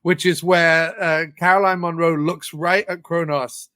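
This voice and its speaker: Male podcast guest, raised pitch, dry close sound, thoughtful fan. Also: fairly even intonation, measured pace, pushed and bright, clear, resonant tone, dry recording. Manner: thoughtful, enthusiastic, many fillers. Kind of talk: casual film discussion.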